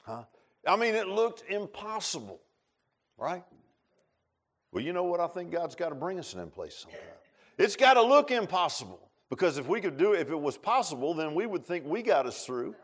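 Male preacher, high voice, folksy and conversational, loose restarts, talks straight to the congregation. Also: sing-song, moderate pace. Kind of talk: sermon.

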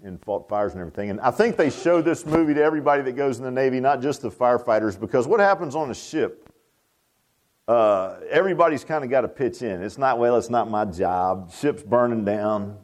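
An older man preaching a sermon in a folksy, animated way, repeating phrases for emphasis. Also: mid-range voice, fast. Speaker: pastor.

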